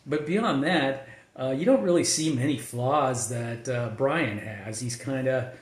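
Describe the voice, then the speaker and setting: A man's voice: medium pitch, unhurried. Rambling man in an echoey room. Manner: rambling, many fillers and restarts. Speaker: screenwriter. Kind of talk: casual talk about screenwriting.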